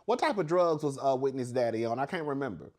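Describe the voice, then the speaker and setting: A man giving a casual, sassy recap of a reality show, animated and laughing often as he talks. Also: medium pitch, fast. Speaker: reality TV commentator.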